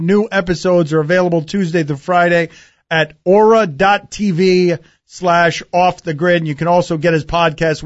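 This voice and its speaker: A male radio host with a high voice fires off brisk, pointed questions at his guest. The sound is dry and a bit dull. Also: no echo. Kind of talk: radio interview.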